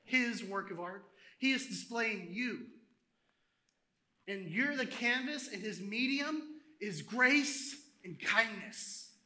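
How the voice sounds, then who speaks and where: A man preaching a sermon in a lively, conversational way, acting out little asides to the congregation. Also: sits high, slow. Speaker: pastor.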